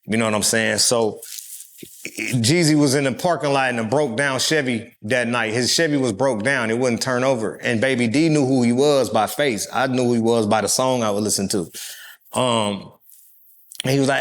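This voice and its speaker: A man from California, telling stories as an interview guest, profane and animated, acting out other people's voices. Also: mid-range voice, moderate pace. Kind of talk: casual storytelling.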